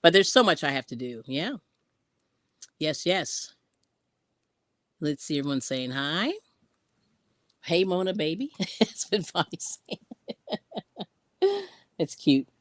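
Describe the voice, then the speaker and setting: A woman's voice: deep voice, sing-song, slow pace, pauses often, no echo. A woman hosting a casual craft live stream, chatting and laughing often as she reads out viewer comments while sewing in yarn ends.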